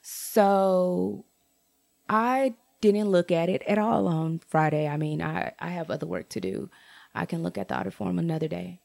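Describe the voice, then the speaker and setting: Animated woman ranting to her viewers. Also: normal speed, vocal fry. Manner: animated, swings to high exclaims; blunt, profane, talks straight to viewers. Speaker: vlogger. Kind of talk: casual storytime rant.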